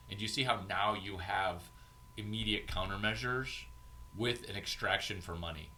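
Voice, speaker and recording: A man giving an informal, profane coaching talk as an entrepreneurship mentor, animated and acting out bits of banter. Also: lowish voice, normal speed, a little hiss or hum.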